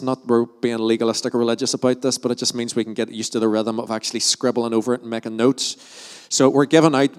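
A man's voice: medium pitch, clean tone. A man, a pastor, leading fervent prayer and church announcements and often restarting his phrases. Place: church hall. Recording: long reverb of a church hall.

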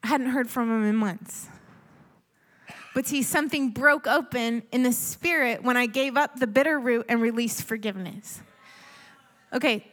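A woman preaching a sermon, earnest and pleading, sometimes dropping to a hush. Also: high-pitched. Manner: earnest, pleading, with soft hushed asides.

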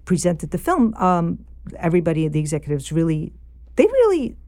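A middle-aged woman talks shop about filmmaking in a low, gravelly voice with a dark, mellow tone. She stops and restarts often and then turns animated. The sound is dry and close. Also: a little fast, no room sound. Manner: hesitant and animated, many fillers and restarts. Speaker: film director. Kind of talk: casual conversation about filmmaking.

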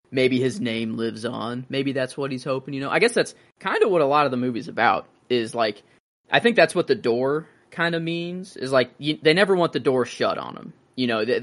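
A relaxed young man talks over a film with a friend. He hesitates and swears casually, and now and then mimics the people in the story. His voice sits in a middle register. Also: mid-range voice. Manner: laid-back, swears, hesitant, mimics characters. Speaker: podcast co-host.

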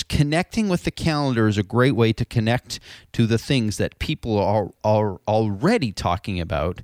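A man's voice: mid-range voice, normal speed, no room sound. A man hosting a casual industry podcast in a studio, chatty and upbeat, with many fillers and restarts. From Canada. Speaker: podcast host.

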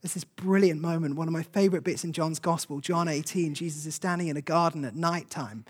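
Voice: medium pitch, fairly quick, slightly rough. A preacher delivering a sermon in an earnest, conversational way, often repeating short phrases for emphasis.

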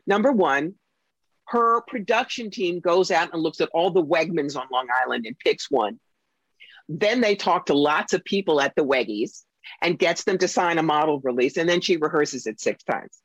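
A woman psychic and author telling stories in a casual interview, animated and acting out the voices of the people she quotes. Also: low-pitched, no room sound. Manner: animated storyteller who acts out quoted voices. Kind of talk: casual interview talk, storytelling. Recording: dull lo-fi recording.

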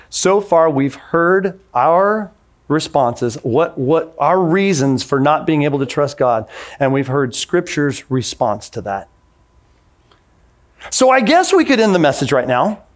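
A man in his forties preaching a sermon in a casual, conversational way, acting out the voices he quotes. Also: on the high side. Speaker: pastor.

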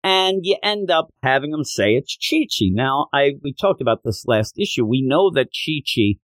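Brief: young male podcast host, lively swooping delivery, dry close sound. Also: mid-range voice, normal speed, no room sound. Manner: animated storytelling, acts out the characters' lines. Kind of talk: manga chapter recap.

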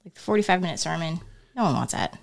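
Brief: lower-voiced woman co-host, giggly, lively storyteller. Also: fast, vocal fry. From northern United States. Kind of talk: casual chat.

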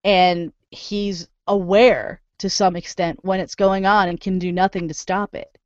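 A woman chatting casually on a podcast, animated and profane, swinging into loud indignant rants. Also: lowish voice, measured pace, no echo, muffled recording. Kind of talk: casual chat.

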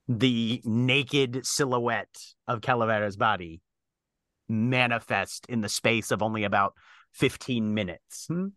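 A man narrating a tabletop role-playing game as game master, describing scenes in a halting way with frequent fillers. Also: on the low side, fairly bright tone, no echo.

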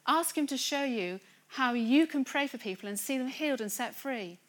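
A woman preaching a sermon to a church congregation, earnest and building to excited emphasis. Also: sits high, normal speed. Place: church gathering room.

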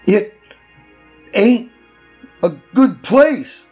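A man's voice: extremely slow, creaky, a little mellow, soft background music. A man voicing a young girl who is drowning in icy water and crying out desperately. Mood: panicked, pleading. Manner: shrill desperate cries.

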